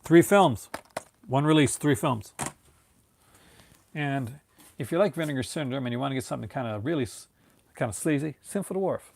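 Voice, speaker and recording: A man's voice: mid-range voice, a little fast, gravelly, long pauses. A tired man hosting his own video, chatting casually and rambling with many fillers and restarts. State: tired, yawning. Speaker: video host. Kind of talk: casual late-night video chat.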